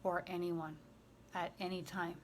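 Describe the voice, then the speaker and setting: A woman working as a spiritual medium, passing on messages in a gentle, emotional way during a channeling session. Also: lowish voice, little pitch movement, unhurried, a little hiss or hum.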